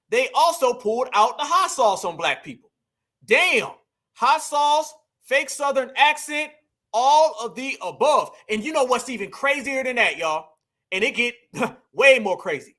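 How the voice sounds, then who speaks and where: Animated, high-voiced male commentator. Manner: animated, addresses viewers as family and y'all. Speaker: host of a political commentary channel. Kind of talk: casual commentary reacting to clips.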